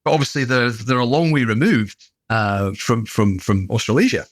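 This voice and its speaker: A man's voice: mid-range voice, normal speed, no echo. A middle-aged British man and gym owner, telling stories in a chatty, good-humoured way as a podcast guest. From Britain. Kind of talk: casual anecdotal conversation.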